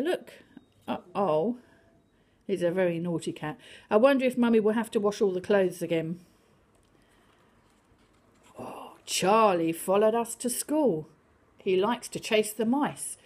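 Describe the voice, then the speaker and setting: An older woman reading a picture book to young children, sing-song and animated, now and then dropping to a whisper. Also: medium pitch, a little slow, long pauses, breathy edge.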